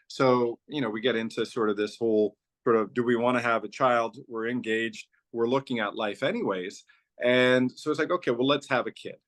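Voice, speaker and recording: A man's voice: medium pitch, a bit bright. A man who founded a company, guesting on an interview show and recounting a personal story in a loose, rambling way. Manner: loose and rambling, strings clauses with "so" and "like". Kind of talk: casual conversational storytelling.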